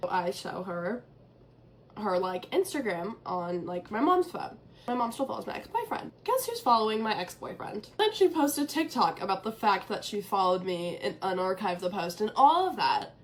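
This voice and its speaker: A woman's voice: medium pitch, big pitch swings, normal speed, a little hiss or hum. A young woman telling a gossipy storytime, chatty and defiant. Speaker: TikTok storyteller. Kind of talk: get-ready-with-me storytime.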